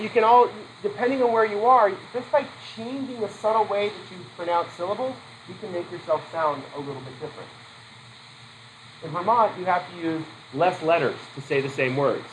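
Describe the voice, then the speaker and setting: Poor audio with a little hiss or hum captures a man whose voice sits high as he teaches a psychology class. His lecture is loose and chatty, with quiz questions for students, casual asides and frequent self-correction.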